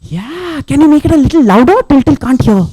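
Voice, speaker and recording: A woman with a high voice speaks fairly quickly as she tells children a story at a live event, lively and full of sound effects, constantly asking the kids questions. The recording is dry.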